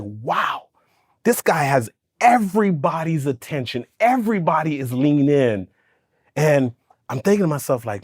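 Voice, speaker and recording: An animated male storyteller, dry close sound. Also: medium pitch, no room sound. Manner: animated storyteller who acts out quoted voices. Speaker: guest, storytelling coach. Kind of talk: conversational interview storytelling.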